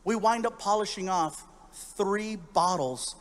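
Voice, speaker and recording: A man telling a story as a stand-up comedian, in an animated, jokey manner that slips into acted-out voices. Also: sits high, measured pace.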